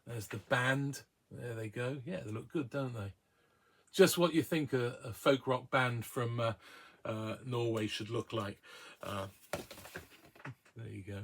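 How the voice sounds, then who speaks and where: A man's voice: medium pitch, slow, pauses often. A man hosting a casual record review, chatty and hesitant with many ums and uhs. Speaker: record collector host.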